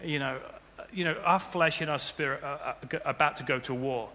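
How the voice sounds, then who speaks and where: A man preaching a sermon as pastor, building to loud emphatic peaks. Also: a little high, a little fast, few pauses. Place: church auditorium. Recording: long hall reverb with faint music.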